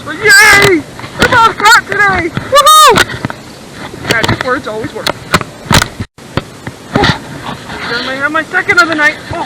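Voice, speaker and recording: Excitable woman, very high voice, outdoor vlog, loud background noise. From Colorado, USA. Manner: bubbly, squealing with excitement. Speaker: vlogger. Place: outdoors on a frozen lake.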